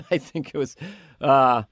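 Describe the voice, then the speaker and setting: A man, a guest comedian in a casual interview, telling lively anecdotes and slipping into quick character voices. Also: mid-range voice, no room sound, clean studio sound.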